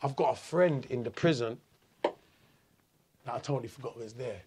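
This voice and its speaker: A middle-aged man from England, telling a story in an interview, animated and swearing a lot. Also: mid-range voice, moderate pace, a little hiss or hum. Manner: animated, swearing, acts out voices. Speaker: guest.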